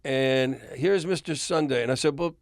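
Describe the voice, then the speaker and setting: A man's voice: mid-range voice, unhurried, no room sound, studio quality. An older man, a record executive, telling a long anecdote as a guest in a podcast interview and chuckling often. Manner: animated storyteller, chuckles often.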